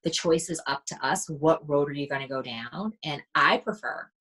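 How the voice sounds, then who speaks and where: A woman's voice: low voice, moderate pace, a bit bright, slightly rough, poor audio. A woman mindset coach, a podcast guest, telling stories animatedly and acting out the dialogue she quotes. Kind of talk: casual podcast conversation.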